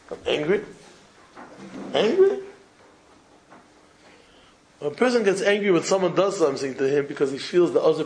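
Man, rabbi-style Torah lecture, parable storytelling, emphatic repetition, fairly high pitch, faint room noise. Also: a little mellow, rough recording. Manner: storytelling, mixes Hebrew and Yiddish terms, repeats phrases for emphasis. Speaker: rabbi giving a talk.

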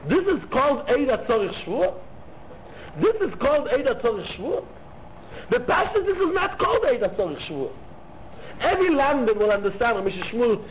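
A man teaching a Talmud lecture, arguing both sides of the case in an animated way and repeating key phrases. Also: extremely high pitch. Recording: tinny phone-like line with faint noise.

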